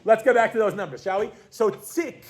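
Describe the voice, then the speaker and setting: A man with a high-pitched voice speaks fairly quickly while teaching a beginners' Yiddish lesson. In a classroom of adult learners, he jokes playfully as he guides the group through counting.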